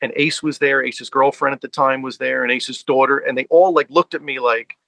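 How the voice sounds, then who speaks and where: A man's voice: medium pitch, fairly even intonation, a little fast, gravelly, pushed and bright, dry recording, rough recording. A man from the US tri-state area telling stories in a casual sit-down conversation, with many fillers. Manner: chatty storyteller, many fillers. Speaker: guest, fan and collector.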